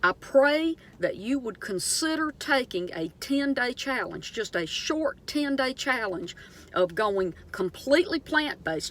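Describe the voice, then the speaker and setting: A woman's voice: fairly high pitch, unhurried. Middle-aged woman, Southern accent, earnest, preachy, chatty vlog monologue. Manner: earnest, preachy, animated storytelling with many fillers. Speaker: vlogger. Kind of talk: casual inspirational monologue.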